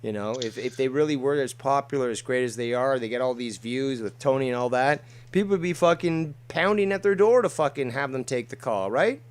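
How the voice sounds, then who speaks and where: A man's voice: mid-range voice, a little fast, few pauses, smooth. A man hosting a talk show, boasting and swearing heavily as he rambles with many fillers. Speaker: show host. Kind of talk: casual streamed talk show chat.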